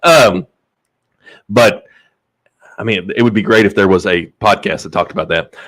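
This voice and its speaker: A man's voice: fairly low pitch, normal speed, a bit bright. A man hosting a podcast in casual chat, telling a funny story with lots of laughter. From Southern Indiana. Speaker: podcast host.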